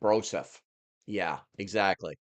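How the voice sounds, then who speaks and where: A man's voice: low-pitched, slow, dry recording. An American man hosting a casual livestream, rambling loosely and reading viewer comments aloud. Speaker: livestream host.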